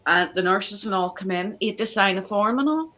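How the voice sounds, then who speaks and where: A woman's voice: mid-range voice, a little fast, poor audio. A woman, telling family anecdotes in a casual live chat and acting out the people she quotes. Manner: animated anecdote teller, acts out quoted voices.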